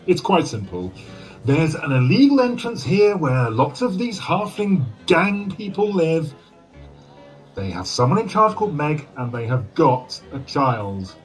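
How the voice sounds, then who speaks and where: Slow, lively man. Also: a little high, soft background music.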